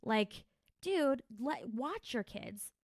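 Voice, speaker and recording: A woman's voice: high-pitched, very slow, dry recording, clean studio sound. A woman from New Jersey hosting a comedy podcast, rambling and swearing freely in casual chat. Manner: profane, rambling, animated storytelling.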